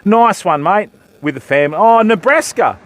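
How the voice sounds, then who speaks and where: An older Australian man livestreams himself fishing from a surf beach, greeting his audience as mate and bud while he rigs and casts. He sounds high and a bit bright, with lively intonation and an unhurried pace, and there's slight background noise.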